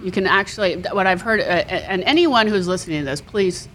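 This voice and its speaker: A woman's voice: medium pitch, fast talker, a bit bright, a little hiss or hum. A woman co-hosting a podcast in casual chat from a restaurant, rambling and self-deprecating, often restarting. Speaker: podcast co-host.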